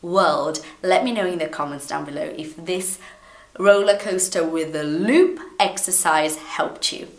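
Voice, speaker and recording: Portuguese-speaking woman teaching english pronunciation, slow and playful, repeats words, roomy echo. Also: lowish voice. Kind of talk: pronunciation lesson to camera. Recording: echoey room.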